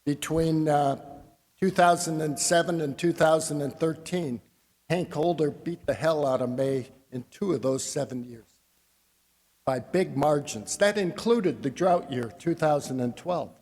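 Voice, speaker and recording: In a convention hall with the long reverb of a large space, a man gives a conference presentation on grain marketing. His voice is a little high and a little mellow, his pace measured, and he speaks in a folksy, wry way, addressing his audience as "people."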